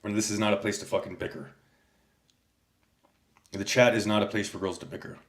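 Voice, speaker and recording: A man's voice: lowish voice, fairly even intonation, a little fast, a bit bright. A man livestreaming a casual rant, telling stories in a rambling, heavily profane way and answering his chat. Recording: echoey room.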